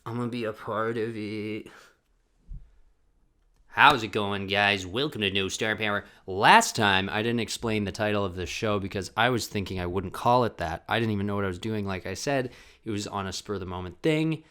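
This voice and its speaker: This young man hosts a solo podcast from home, speaking a little fast in a lowish voice that is bright, forceful, and clean. His casual monologue is rambling, profane, and self-mocking. The audio comes from a desk camera mic with a ring light.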